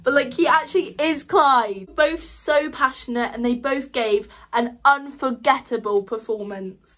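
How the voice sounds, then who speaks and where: Young woman, vlogger, excited and gushing, chatty with lots of fillers, slightly high voice. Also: unhurried, hardly any pauses. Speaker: vlogger reviewing a musical. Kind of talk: excited casual review.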